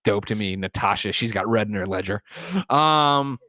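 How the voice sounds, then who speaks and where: A man, a podcast host, loosely retelling a film's plot in casual chat, swearing and doing quick voices for the characters. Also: on the low side, bright, forceful tone, dry recording, studio quality. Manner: rambling, profane plot retelling with jokey voices. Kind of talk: casual movie recap chat.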